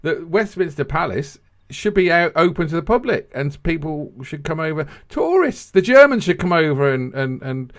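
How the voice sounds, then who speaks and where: A man co-hosting a podcast in loose, animated, sweary chat that rambles from point to point. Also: a little high, normal speed, hardly any pauses. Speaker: podcast co-host. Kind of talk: casual banter podcast.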